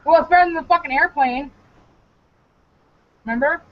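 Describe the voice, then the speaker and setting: A woman's voice: high-pitched, normal speed, highs cut off. A woman co-hosting a casual podcast chat, giggling often. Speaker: podcast co-host.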